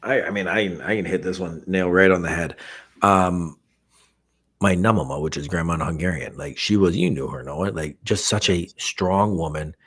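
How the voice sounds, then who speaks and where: Deep-voiced man, reflective and halting. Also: fairly bright tone, breathy edge. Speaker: guest. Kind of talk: casual chat.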